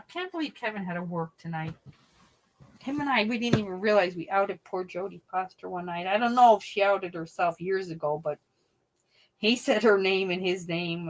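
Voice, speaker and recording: A middle-aged woman hosts a casual livestream and reads her chat, telling it a funny story with lots of swearing and laughter, sometimes laughing mid-sentence. Her mid-range voice is animated. The recording is rough, with a little hiss or hum.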